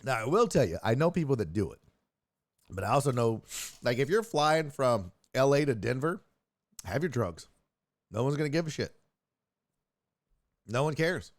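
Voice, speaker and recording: Man, sports talk host, casual streamed chat, profane and joking, lively pitch. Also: normal speed, pauses often, no room sound, clean studio sound.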